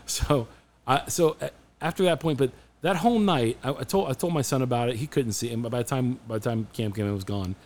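Fast-talking man telling a story. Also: mid-range voice. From Phoenix area, USA. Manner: animated, restarts a lot, acts out quotes. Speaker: podcast co-host. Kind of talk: casual storytelling chat.

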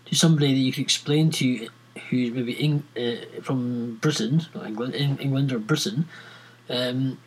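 Husky Scottish man ranting casually. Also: mid-range voice, normal speed, rough recording. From Scotland. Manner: rambling, with many restarts and fillers. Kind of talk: casual rant to viewers.

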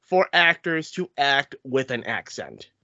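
Bright-voiced man, dull lo-fi recording. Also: mid-range voice, very animated, takes it slowly, no echo. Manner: explanatory, filling in background. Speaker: podcast co-host. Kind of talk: casual chat. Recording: dull lo-fi sound.

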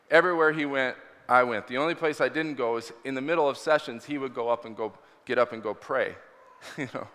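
A man preaching a storytelling sermon in a church hall, earnest and animated as he tells the story. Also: mid-range voice. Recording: reverberant hall.

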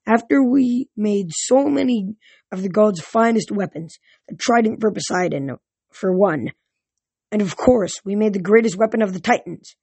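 Brief: stern sea-dog monster instructor, lecturing a class , read by a husky-voiced narrator, dry close sound. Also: medium pitch, lively intonation, normal speed, a little mellow, dry recording.

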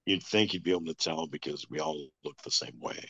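A man telling a long personal story as an interview guest, in a flat, matter-of-fact way. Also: very deep voice, a little fast, vocal fry, breathy edge, no room sound. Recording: dull lo-fi sound.

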